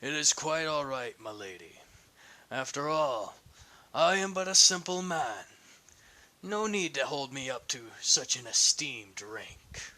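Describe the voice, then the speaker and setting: A man's voice: mid-range voice, very animated, slow pace, sharp tone, full character voice, low-quality recording. A man voicing a formal, courtly young armored warrior in a fan-made audio story, polite in an old-fashioned way.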